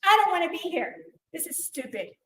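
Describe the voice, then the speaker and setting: A man's voice: very high-pitched, sing-song, fairly quick, fairly bright tone, voice pushed up, heavily acted. A woman voicing a sulky boy student who grumbles and refuses to join in, recorded from a distance in an echoey room. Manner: grumbling, dismissive. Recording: echoey room, distant mic, faint noise.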